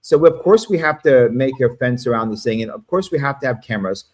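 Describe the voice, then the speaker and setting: A man's voice: medium pitch, animated, fast. A man in casual, profane chat on a livestream, rambling through stories and laughing at his own jokes. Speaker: livestream panel guest.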